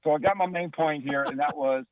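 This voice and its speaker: Man, radio caller, deadpan storyteller, tinny phone line, dry. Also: fairly high pitch, a little fast, dry recording. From Pearland, Texas area. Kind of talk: comedic call-in story.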